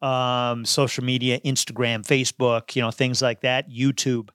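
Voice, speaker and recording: A man of middle pitch chats casually as a podcast guest. His voice is dry and close-miked. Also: flat delivery, normal speed, a bit bright, no room sound.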